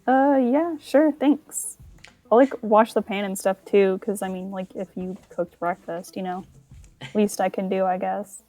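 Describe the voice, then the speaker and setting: A woman's voice: medium pitch, steady tone, unhurried, dark tone. A woman playing a tabletop game, chatting casually and unsure with many fillers like "I guess". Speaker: player.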